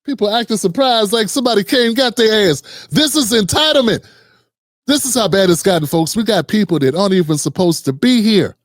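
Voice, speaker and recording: Mocking high-voiced male commentator. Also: lively intonation, fairly quick, dry recording. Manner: mocking, slangy, puts on voices to mimic. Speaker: political commentary host. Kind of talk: casual reaction commentary.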